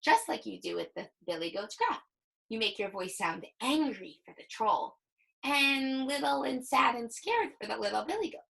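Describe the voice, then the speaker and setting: A young woman teacher giving a recorded reading lesson to young children, with exaggerated, animated demonstrations. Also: on the high side, moderate pace, creaky, breathy edge, poor audio.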